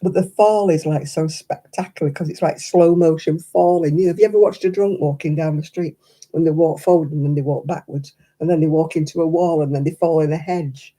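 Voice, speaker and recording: A woman's voice: low voice, fairly even intonation, brisk, warm tone. An older woman hosting a crafting livestream, telling stories in casual chat and laughing often as she talks. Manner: chatty anecdotal storyteller, laughs often.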